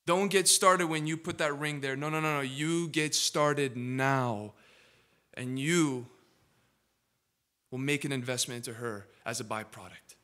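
A male pastor preaching a sermon in a church, moving from hushed asides to loud, emphatic build-ups. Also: mid-range voice, normal speed. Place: church sanctuary.

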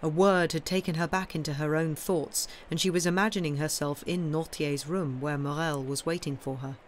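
Woman, audiobook reader, measured storytelling, faint background noise. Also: deep voice, fairly even intonation. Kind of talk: reading a classic novel aloud on a livestream.

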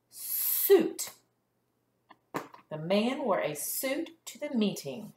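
A woman teacher leading a first grade phonics lesson, sounding out letters slowly and praising the class. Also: medium pitch, very animated, mellow, a little hiss or hum. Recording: echoey room.

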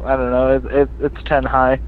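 A man's voice: medium pitch, moderate pace, clear, resonant tone. Drunk male caller on a tinny line. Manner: relaxed, hesitant, lots of uh. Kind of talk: casual call-in chat.

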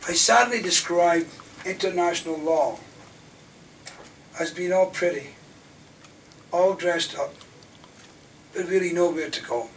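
Older lawyer lecturing with indignant rhetoric, raised pitch, taped from the back of a hall. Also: male voice, measured pace, pauses often. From Scotland. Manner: rhetorical, indignant, swings between loud emphasis and near-whispers. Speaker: defence lawyer giving a lecture. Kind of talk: impassioned public lecture. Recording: distant mic in a lecture hall, faint room noise.

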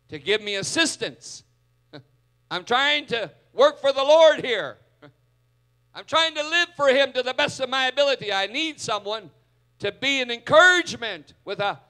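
A man voicing a frazzled, overworked woman who loudly demands help, in a sermon retelling. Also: extremely high pitch, voice pushed up, exaggerated voice. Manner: exasperated, pleading, loud.

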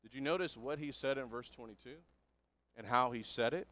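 A man preaches a sermon, moving through a passage verse by verse with earnest explanation and questions aimed at his listeners. His voice sits in the mid range and comes across brisk and slightly bright.

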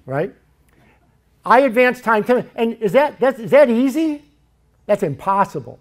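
A man delivers a sermon in a church, his voice sitting a little higher than most men's. He tells Bible stories in a lively, joking way and acts out the characters as he goes. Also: normal speed, pauses often. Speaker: preacher.

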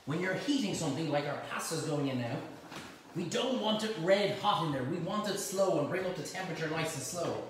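Chatty cooking host in an echoey kitchen. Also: male voice, a little high, expressive, a little fast, distant mic, a little hiss or hum. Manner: chatty, jokey, talks to helpers while cooking. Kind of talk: casual cooking demonstration. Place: home kitchen.

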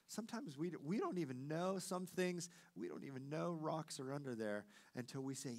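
A middle-aged man, a pastor, preaching a sermon with animated storytelling that swings between loud and hushed delivery. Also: fairly high pitch, normal speed.

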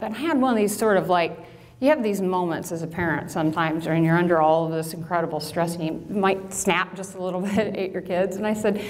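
A middle-aged woman from Illinois who runs a farm business, telling a story to an audience with lively acted-out quotes and self-mocking asides. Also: fairly low pitch, brisk. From Illinois, USA. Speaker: farm business owner and speaker. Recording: long hall reverb.

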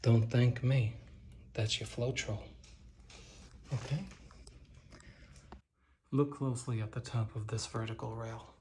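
A man's voice: medium pitch, fairly even intonation, slow pace, long pauses, a little mellow, a little hiss or hum. A man teaching how to paint a door. He talks while he works, often drops to a whisper and makes joking asides to the viewers. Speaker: painting instructor. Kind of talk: hands-on painting demonstration. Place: indoors at a door being painted.

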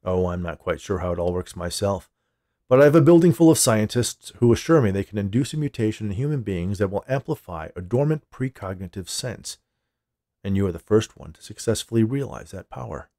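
A man's voice: fairly low pitch, lively intonation, a little fast, warm tone, no echo, studio quality. A man playing a menacing company boss. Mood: smooth. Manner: smooth, then explosive.

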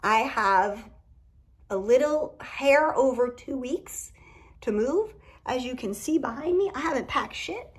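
At home, a woman gives a casual tarot reading, speaking candidly, swearing freely, and tossing in emphatic asides. Her voice is high and lively in intonation, with an unhurried pace and a breathy edge.

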